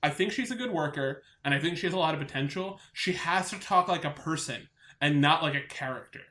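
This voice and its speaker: A man's voice: a little high, brisk, bright, forceful tone, reverberant. A man from Long Island with a light New York accent, co-hosting a podcast in casual chat, rambling and enthusiastic with many restarts. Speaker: podcast co-host.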